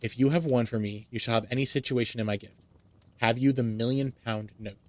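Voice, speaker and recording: Man doing a hearty old gentleman, exclaiming, medium pitch, dry. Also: fairly even intonation, a little fast, no room sound, lightly acted. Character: older gentleman, eager and astonished.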